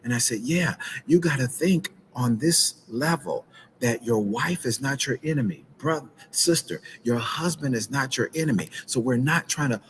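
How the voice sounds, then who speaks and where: A man coaching couples in a lively, preacher-like way on a live stream, speaking into a phone outdoors by a pool. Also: medium pitch, moderate pace, a little hiss or hum, poor audio. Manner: animated preacher-like delivery with church phrasing. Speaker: relationship coach. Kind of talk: live-streamed advice talk.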